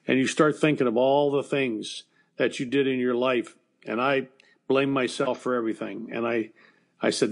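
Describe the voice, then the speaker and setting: In a podcast interview, a former baseball coach, now an older man, shares an emotional personal story in a plainspoken way, full of fillers and restarts. He talks at normal speed in a steady, medium-pitched, creaky voice.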